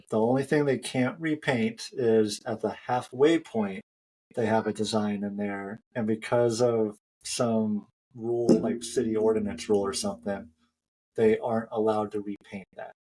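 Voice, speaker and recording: A man's voice: on the low side, warm tone. Chatty man telling a running story. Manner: chatty storyteller, laughs often. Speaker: running podcast host. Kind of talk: casual chat.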